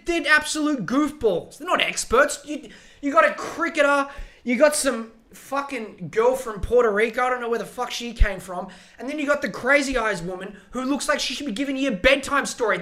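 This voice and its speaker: Ranting alone on his podcast, this Australian host has a very high-pitched voice with a sharp tone. His delivery is rambling, emphatic and full of profanity.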